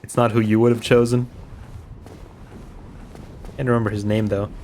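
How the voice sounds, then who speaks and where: Male game streamer, low monotone voice, rambling casual chatter, swears, faint background noise. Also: moderate pace. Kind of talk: casual gameplay commentary.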